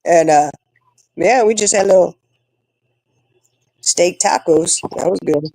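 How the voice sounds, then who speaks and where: A woman's voice: slow pace, dry recording, poor audio. Chatty woman telling stories. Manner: chatty storyteller, animated with big swings in pitch. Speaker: co-host. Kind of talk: casual chat.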